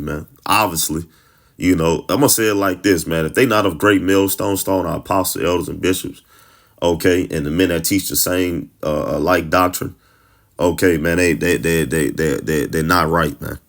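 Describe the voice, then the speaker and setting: Low gravelly dude preaching scripture, blunt and heated, keeps saying man, stumbles over his words. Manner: blunt, heated, peppered with 'man' and stammered restarts. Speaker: scripture teacher. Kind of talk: informal street-style Bible teaching.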